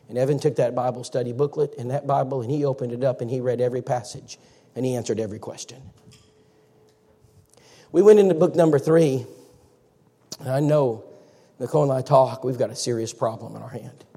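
A man's voice: mid-range voice, a little fast, long pauses, dark tone, husky. A man preaching a folksy, story-driven sermon. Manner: folksy storytelling, acts out quotes. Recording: reverberant church hall.

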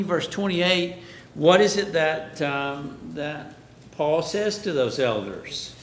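A man preaching a Bible class sermon, who asks the class questions and then answers them himself. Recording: echoey room, faint background rumble.

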